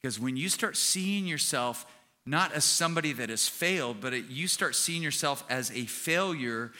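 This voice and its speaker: A man's voice: medium pitch, expressive, normal speed, sharp tone. A male pastor giving a conversational sermon, telling a story and acting out quotes.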